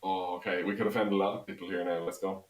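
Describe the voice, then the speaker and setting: A man's voice: low voice, little pitch movement, fast talker, roomy sound, poor audio. An Irish man co-hosting a casual live-stream chat, laughing often. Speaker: co-host.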